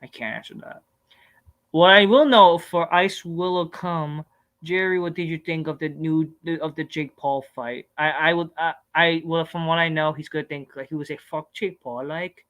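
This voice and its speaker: Man, live stream Q&A host, rambling and profane, fairly high voice, animated. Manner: rambling, profane, animated, breaks into loud outbursts. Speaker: live stream host answering viewer questions. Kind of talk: casual live Q&A rant.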